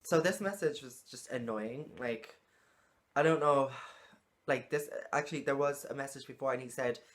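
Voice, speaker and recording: A woman's voice: rumbling low, normal speed. A woman talking frankly to camera in a casual vlog, exasperated and swearing freely. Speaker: vlogger.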